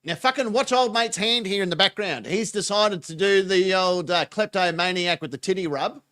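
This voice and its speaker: A man's voice: sits high, moderate pace, bright, forceful tone. A man, giving crude, mocking reaction commentary and laughing often. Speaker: reaction channel host.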